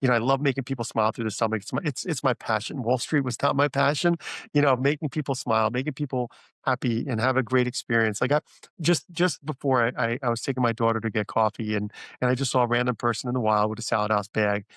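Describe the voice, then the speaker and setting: A man's voice: mid-range voice, fast, no room sound. Middle-aged guy rambling in an interview, lots of "you know", dry close sound. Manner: rambling, many fillers and restarts; animated when retelling stories. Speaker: franchise founder guest. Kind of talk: casual business interview.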